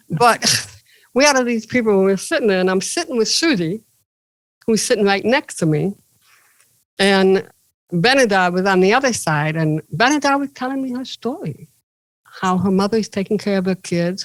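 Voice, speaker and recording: A woman comedian and motivational speaker, a guest in an interview, telling animated stories with playful jokes. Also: mid-range voice, dry recording, poor audio. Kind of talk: casual interview storytelling.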